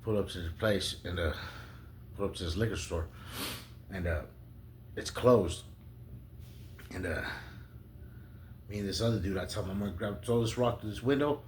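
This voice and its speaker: A young man with a lowish voice tells a rambling story from his past, swearing often and jumping around as he goes. His delivery is casual and animated. A faint ambient hiss sits under the recording. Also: moderate pace, pauses often.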